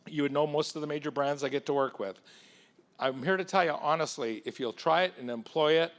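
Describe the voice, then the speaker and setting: Animated man giving a business keynote. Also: fairly high pitch. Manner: punchy, animated, addresses audience members directly. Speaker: keynote speaker. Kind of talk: motivational business keynote with storytelling. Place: conference hall.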